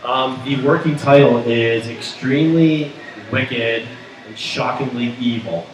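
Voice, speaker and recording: A man's voice: mid-range voice, a little slow, distant mic. A man co-hosting a casual pop culture show, reading news items and cracking dry jokes with frequent "uh"s. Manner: dry deadpan jokes, hesitant with uh. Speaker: co-host presenting the news items. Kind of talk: casual banter. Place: pub. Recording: echoey room, voice from off mic.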